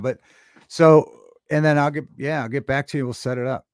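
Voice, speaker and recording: A man hosting a casual livestream talk show, chatting with viewers in a halting, rambling way with many fillers and restarts. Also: mid-range voice, no echo, studio quality. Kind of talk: casual livestream chat reading viewer comments. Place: home studio.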